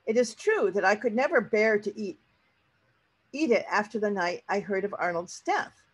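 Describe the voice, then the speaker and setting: A woman teacher reading a story aloud to her class, in a husky, breathy voice at a middle pitch. She stops now and then to explain a word to her learners in plain terms. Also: lively intonation, poor audio. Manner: pauses to explain words to learners.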